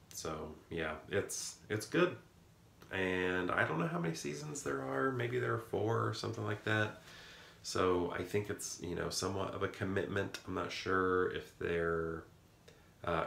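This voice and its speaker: Man, 30s, casual rambling vlog, very deep gravelly voice, roomy echo. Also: a bit bright. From rural Midwest of the US. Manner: rambling, musing, self-correcting. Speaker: vlogger. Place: indoor room. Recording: echoey room with faint noise.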